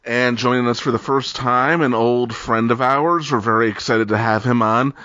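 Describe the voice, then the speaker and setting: A man hosting a fan podcast, warmly introducing his co-host and guests. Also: mid-range voice, fairly even intonation, normal speed, no room sound, lo-fi sound. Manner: friendly, announcing guests.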